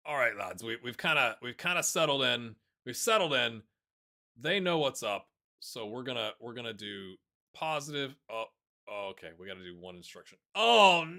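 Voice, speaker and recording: A man giving casual, excitable commentary on a football management game, chatting to his viewers and calling the players lads. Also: mid-range voice. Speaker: gaming YouTuber. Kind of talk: casual let's-play commentary.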